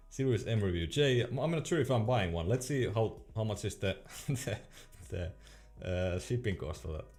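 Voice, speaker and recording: A young man hosts a relaxed livestream. He reads viewer questions aloud and answers in an easygoing, chuckling way. His voice sits low, and quiet music plays under his talk. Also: moderate pace. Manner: laid-back, laughs often, trails off and restarts. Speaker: streamer. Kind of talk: casual livestream chat, reading out chat questions.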